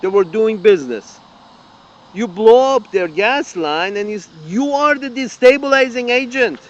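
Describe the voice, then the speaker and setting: A man's voice: high-pitched, animated, normal speed, lo-fi sound. A man delivering an angry, profane political rant as an open letter, repeating himself and restarting sentences. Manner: angry, profane, repetitive ranting with frequent restarts. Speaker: political commentator. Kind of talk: ranting open-letter monologue.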